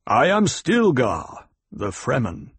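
A man voicing a tall, stern male desert tribal leader who speaks slowly and with authority, in an audiobook reading. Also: medium pitch, huge pitch swings, a bit bright, breathy edge, no echo, exaggerated voice. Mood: measured. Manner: slow, deliberate, authoritative. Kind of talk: audiobook character voice.

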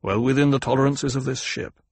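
An actor reading a stern, commanding nobleman, a duke, in a clipped, flat way. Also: medium pitch, brisk, breathy edge, no echo. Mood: calm.

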